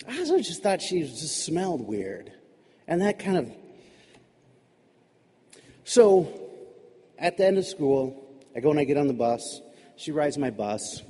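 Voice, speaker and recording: Brief: man storyteller, chatty and animated, warm tone, long hall reverb. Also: mid-range voice, breathy edge. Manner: conversational, animated, many restarts. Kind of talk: live personal storytelling.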